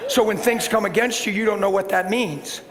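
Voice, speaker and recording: A middle-aged man preaching a sermon and telling a personal story, swinging between loud bursts and hushed, gentle tones. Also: high-pitched, brisk. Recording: reverberant hall with faint background hiss.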